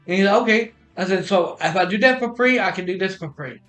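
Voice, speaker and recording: High-voiced man rambling through a story. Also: quick pace, fairly bright tone, faint music behind. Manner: rambling, repeats "I said" and restarts often. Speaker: podcast host telling a personal story. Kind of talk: casual storytelling.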